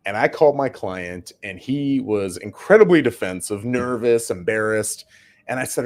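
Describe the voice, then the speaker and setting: Male host, lowish voice, casual to-camera storyteller, plainspoken and chatty. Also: expressive, moderate pace. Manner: chatty, often checks in with "right?"; plainspoken, slangy. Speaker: real estate agent and show host.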